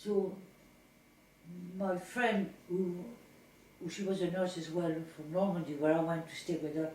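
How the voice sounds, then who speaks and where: Casting note: older mother telling a story, mellow voice, a bit distant in a roomy space with faint hiss. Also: lowish voice, measured pace. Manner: lively anecdotal telling with laughter and restarts. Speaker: mother recounting memories. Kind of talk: family storytelling, home recording.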